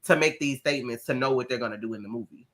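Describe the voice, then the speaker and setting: A man's voice: medium pitch, a crowd in the background. A man co-hosting a casual group podcast, talking emphatically and using slang. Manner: quick, emphatic slang-filled talk. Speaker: podcast co-host.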